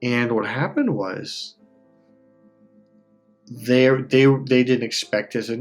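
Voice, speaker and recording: A life coach delivers a casual personal monologue at a normal speed, rambling and emotional, often restarting and laughing as he holds back tears. His middle-pitched voice is close to breaking, with soft music playing faintly beneath him.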